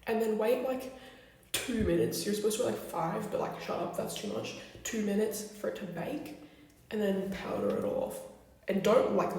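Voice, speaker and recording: A woman's voice: mid-range voice, moderate pace, darkish tone, slight background noise. A young woman chatting casually through a makeup tutorial, blunt and swearing freely. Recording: very echoey room, distant from mic.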